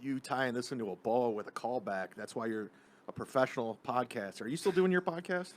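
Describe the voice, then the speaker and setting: A man from the Cleveland area hosting a podcast, chatting casually with loud laughing outbursts and rambling asides. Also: medium pitch, a little fast. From Cleveland area, Ohio. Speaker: podcast host. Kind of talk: casual chat.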